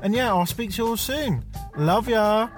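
High-voiced laid-back man. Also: expressive, normal speed. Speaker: podcast contributor. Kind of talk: pre-recorded monologue. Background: music.

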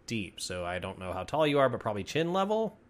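A man's voice: on the low side, big pitch swings. Casual man running a tabletop game. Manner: casual, halting, with frequent fillers and swearing. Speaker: game master.

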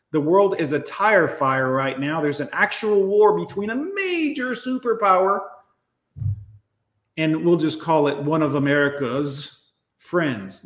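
Man, livestream rant, swears a lot, slightly high voice, echoey room. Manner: blunt, profane, emphatic ranting; addresses viewers directly. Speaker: livestream host. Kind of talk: ranting livestream commentary.

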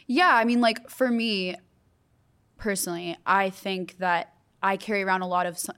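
A woman's voice: mid-range voice, fairly even intonation, moderate pace, fairly bright tone, clean tone. A young adult woman hosting a casual round-table podcast, talking candidly and earnestly with frequent fillers. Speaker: podcast host.

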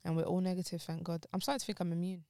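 A woman's voice: lowish voice, level tone, very fast, mellow, no room sound. A woman co-hosting a casual podcast chat, speaking openly and emotionally while grieving, her voice close to tears. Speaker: podcast co-host.

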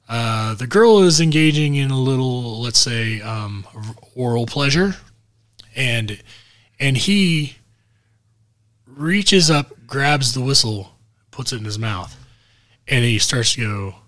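Male podcast co-host, mid-pitched and bright, animated profane storyteller who acts out the voices. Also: slow pace, long pauses. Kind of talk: casual comedic storytelling.

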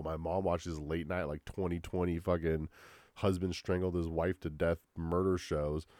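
A man's voice: deep voice, mellow, dry recording. A young man hosting a solo podcast, ranting casually with heavy profanity and constant "dude" and "like.". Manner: profane, slangy rambling with lots of "dude" and "like". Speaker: podcast host.

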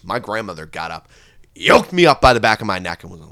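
A podcast co-host with a medium-pitched, gravelly voice talks fast, telling a wild story in casual chat. He's an animated storyteller who swears a lot and shouts out the quoted screams.

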